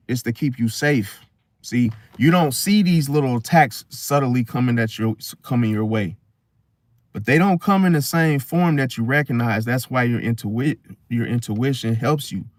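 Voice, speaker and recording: Slangy, animated man with a dry close sound. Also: fairly high pitch, no room sound. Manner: animated, slangy, acts out inner voices. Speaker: astrology channel host. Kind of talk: casual spoken monologue.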